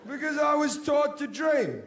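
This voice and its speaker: Man doing stand-up, high-pitched voice, profane, ranting then muttering, theatre, faint hiss. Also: expressive, measured pace, a faint crowd. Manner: profane, swings between shouted rants and low mutters. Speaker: stand-up comedian. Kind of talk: stand-up comedy set. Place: large sold-out theatre. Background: audience laughter.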